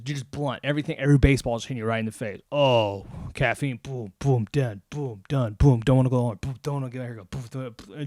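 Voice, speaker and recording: A young man hosting a casual mental health video, talking animatedly in loud bursts and quieter asides. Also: medium pitch, dry recording, clean studio sound. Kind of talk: casual monologue to camera.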